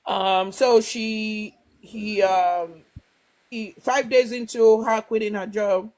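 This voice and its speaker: A woman's voice: medium pitch, fairly even intonation, slow pace, darkish tone, low-quality recording. A woman hosting a livestream, casually retelling a story to viewers, rambling with many fillers and restarts and acting out the quoted dialogue. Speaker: livestream host.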